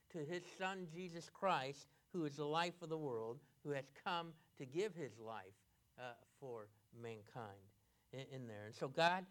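A male pastor preaching an expository sermon, halting with many fillers and restarts. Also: fairly high pitch, a bit bright.

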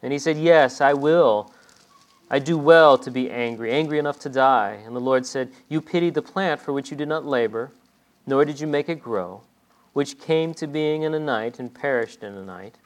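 Man, preacher, sermon delivery, mid-pitched voice, dramatic swells in quoted lines. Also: normal speed. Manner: dramatic, voices quoted speech with rising intensity.

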